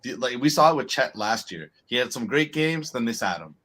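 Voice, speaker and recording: A man with a mid-range voice lays out his reasoning on a sports betting podcast. His delivery is measured and explanatory, and he drifts easily into telling stories. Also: medium pitch, lively intonation, a bit bright. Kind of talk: casual chat.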